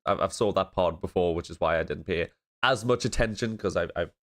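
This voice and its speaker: A man from northeast England talks in a very low voice, stuffy with a blocked nose. He rambles casually, laughs often and swears freely while reacting to a show. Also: fairly quick, a bit bright.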